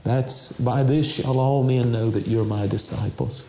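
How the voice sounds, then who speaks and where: A man preaches through tears, leading the listener in a slow, heartfelt prayer. His voice is mellow and sits in a roomy, echoing house, with a faint hum of ambience behind him. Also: medium pitch, steady tone, vocal fry. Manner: emotional, tearful preaching with slow prayer lines. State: crying. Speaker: television minister. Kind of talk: televangelist interview and altar call.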